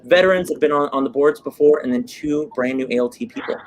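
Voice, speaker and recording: A man's voice: fairly high pitch, quick pace, a little hiss or hum. A man from New Mexico hosting an interview, enthusiastic, chatty and gushing. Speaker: host. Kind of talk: casual interview chat.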